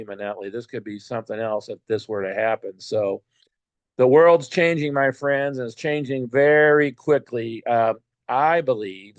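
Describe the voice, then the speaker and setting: A man hosts a podcast alone, rambling and cracking jokes, and he leans on plenty of fillers. His voice sits at a middling pitch. It is recorded close and dry, with no room echo. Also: dull audio. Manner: rambling, joking, chatty with many fillers. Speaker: podcast host. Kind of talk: casual monologue podcast.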